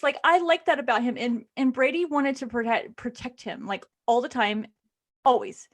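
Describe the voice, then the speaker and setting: A woman with a slightly high voice chats about a book on a podcast. She gushes with animated energy and strings her thoughts together with fillers. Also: normal speed. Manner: animated and gushing, lots of fillers. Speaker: podcast co-host. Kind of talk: casual chat, retelling a book plot.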